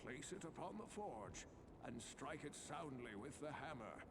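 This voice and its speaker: A man's voice: medium pitch, very animated, a little slow. An actor playing a wise older male sage in a video game, giving earnest, instructive counsel. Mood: urgent. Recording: game audio with clear background noise.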